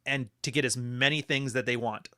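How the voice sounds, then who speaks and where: A man's voice: medium pitch, steady tone, brisk, pushed and bright, dry recording, studio quality. A middle-aged man from Canada hosting a podcast, chatting bluntly and casually, swearing and laughing often. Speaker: podcast host. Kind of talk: casual chat.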